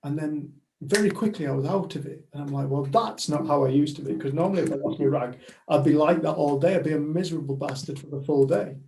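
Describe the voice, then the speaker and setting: A man speaks in a casual group chat in a reflective, affirming way. His voice is mellow, with a gravelly fry. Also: fairly high pitch, fast talker, hardly any pauses, a little hiss or hum. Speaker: community group member.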